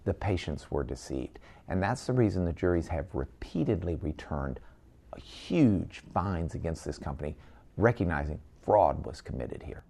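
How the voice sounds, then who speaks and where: Interviewer: low, gravelly male voice, lively and indignant. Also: moderate pace. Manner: emphatic, indignant storytelling.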